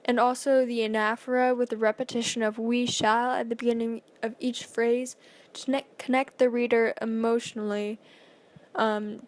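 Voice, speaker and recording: A woman with a slightly high voice reads a school presentation aloud. She goes carefully, stumbling now and then and filling gaps with small fillers.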